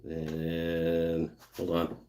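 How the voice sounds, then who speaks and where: A man's voice: sits low, extremely slow. A man hosting a casual live stream from his home workshop, reading out viewer comments and muttering to himself as he works. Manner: relaxed, thinking aloud, muttering while working. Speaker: woodturning livestream host.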